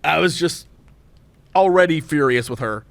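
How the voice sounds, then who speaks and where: A man co-hosting a podcast, telling a story in casual chat and acting out both sides with high and low voices. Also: expressive, moderate pace, vocal fry, no room sound. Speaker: podcast co-host.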